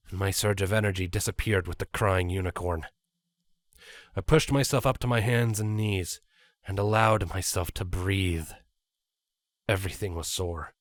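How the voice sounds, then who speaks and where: A man reading a fan fiction story aloud with an expressive, animated delivery. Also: lowish voice, dry recording, studio quality. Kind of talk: dramatic story narration.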